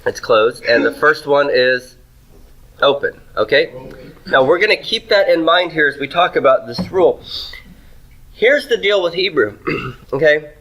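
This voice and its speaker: A man's voice: a little high, animated, a little slow, a bit bright, poor audio. A man teaching Hebrew grammar in a classroom lecture, asking questions and answering them himself.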